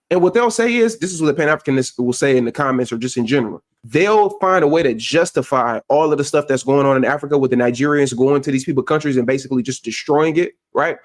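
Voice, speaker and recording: Man, american, higher voice, indignant rant, rhetorical questions, commentary host. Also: lively intonation, a little fast, hardly any pauses. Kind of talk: heated monologue commentary.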